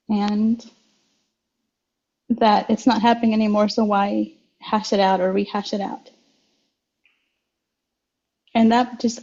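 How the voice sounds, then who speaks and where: A young adult woman shares her life story as an interview guest, moving slowly and reflectively and often restarting her sentences. Her voice is mellow and stays fairly level in pitch. The recording sounds slightly dull and lo-fi. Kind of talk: personal testimony in an interview.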